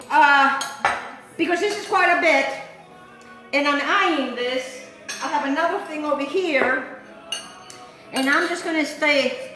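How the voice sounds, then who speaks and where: A woman's voice: high voice, bright, forceful tone, roomy sound. An Italian-accented woman hosting a home cooking show, chatty and playful, talking to viewers as she cooks. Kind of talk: casual cooking demonstration. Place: home kitchen.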